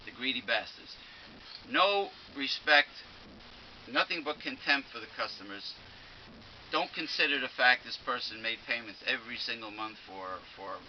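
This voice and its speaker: A man's voice: on the low side, dull audio, a little hiss or hum. A man hosting a talk show, ranting with indignation and often restarting his sentences. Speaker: show host. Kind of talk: casual talk-show chat.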